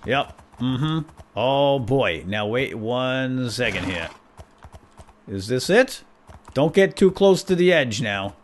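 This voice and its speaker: A man with a medium-pitched, sing-song voice takes it slowly, with long pauses. In comedic role-play, this gamer narrates in character as a self-important, bumbling knight chattering playfully to his animal companions, with faint music underneath.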